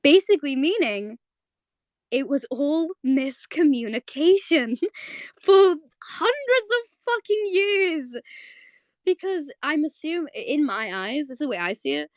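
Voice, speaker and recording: A woman's voice: sits high, big pitch swings, unhurried, no room sound, studio quality. Gushing young woman hosting a live chat. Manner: gushing, emotional, swears freely, rambling. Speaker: host of a live audio chat. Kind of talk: casual chat.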